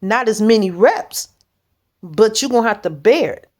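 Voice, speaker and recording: A woman's voice: mid-range voice, animated, normal speed, darkish tone. A woman church leader preaching informally in a blunt, direct, plain-spoken way.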